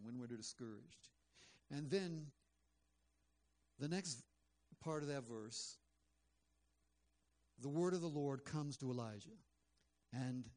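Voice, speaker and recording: A man's voice: mid-range voice, darkish tone. Male pastor, mid-range voice, earnest conversational sermon delivery. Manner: conversational, earnest, with frequent fillers.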